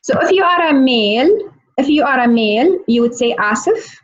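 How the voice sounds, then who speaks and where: Woman, language teacher, fairly high voice, playful, muffled video call audio. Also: lively intonation. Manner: playful, teasing, repeats words slowly. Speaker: Arabic teacher. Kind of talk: live online language lesson.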